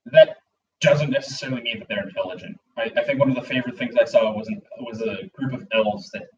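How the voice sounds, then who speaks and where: Casual co-host, a man, mid-pitched, rambling and filler-heavy, heard a little off-mic. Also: fast talker, far from the mic, lo-fi sound, noisy background. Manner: rambling, full of "like" and "you know", acts out bits. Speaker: podcast co-host. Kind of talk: casual chat.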